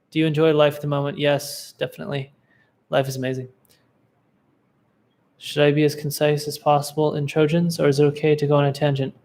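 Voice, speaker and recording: Casual young male host for a live Q&A, relaxed, filler-heavy, slightly high voice. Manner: laid-back, relaxed, with many fillers and restarts. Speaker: livestream Q&A host, agency coach.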